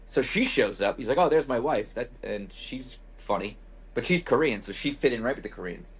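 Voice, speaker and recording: With a lowish, husky voice and lively intonation, a man hosting a podcast moves fairly quickly through a casual travel story. It's loose, wry and profane, filled with quoted asides.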